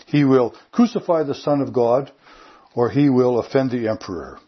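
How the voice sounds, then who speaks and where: A man's voice: mid-range voice, normal speed, breathy edge, highs cut off. A man preaching a sermon in an earnest, emphatic way, repeating his key points. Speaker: pastor.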